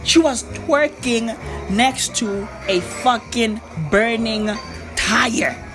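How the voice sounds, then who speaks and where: A woman's voice: on the high side, very slow, over music. A young woman doing a comedic character monologue, ranting to herself in profane slang.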